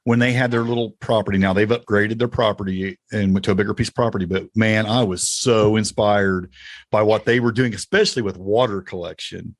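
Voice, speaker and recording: A man's voice: lowish voice, fairly even intonation, a little fast. A man with an Indiana-Tennessee twang, co-hosting a casual podcast chat in an easygoing, chuckling way. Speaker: podcast co-host.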